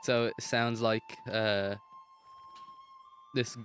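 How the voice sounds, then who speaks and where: A man's voice: lowish voice, level tone, very slow, a bit bright, faint music behind. Man joking and laughing in casual chat. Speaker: streamer's friend.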